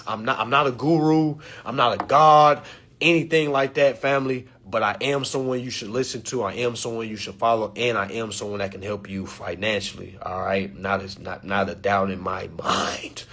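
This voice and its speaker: A man in a casual talk to his camera for his followers, with loose slangy speech that swings between loud and animated and low and quiet. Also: moderate pace, a little hiss or hum. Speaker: social media creator. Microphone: phone or camera mic.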